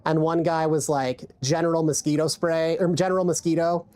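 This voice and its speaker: A woman's voice: low-pitched, fairly even intonation, normal speed, mellow. A woman game streamer chatting casually and profanely, rambling with many restarts into a desk mic. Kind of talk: casual live-stream chat.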